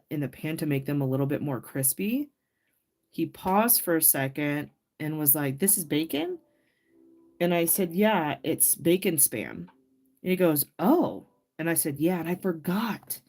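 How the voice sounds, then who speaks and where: A woman with a low, darkish voice hosts a crafting livestream, chatting casually and laughing as she works while answering viewers by name.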